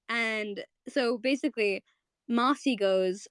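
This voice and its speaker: A woman's voice: mid-range voice, animated, moderate pace, dry recording, studio quality. A young woman hosting a casual live audio chat, gushing and emotional, swearing freely as she rambles.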